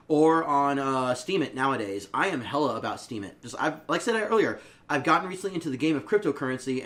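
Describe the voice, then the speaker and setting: A man co-hosting a casual gaming podcast, animated and boisterous, bursting into laughs and yells. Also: on the high side. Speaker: podcast co-host.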